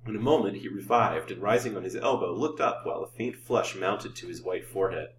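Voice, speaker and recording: A man reading an old-fashioned novel aloud as a storyteller, in a measured, theatrical way. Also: low-pitched. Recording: roomy, distant mic, faint hum.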